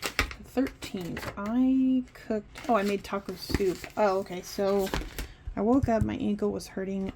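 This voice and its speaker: A woman's voice: mid-range voice, vocal fry, background noise. A woman vlogger chatting casually and rambling while she decorates her planner. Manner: chatty, rambling, self-interrupting.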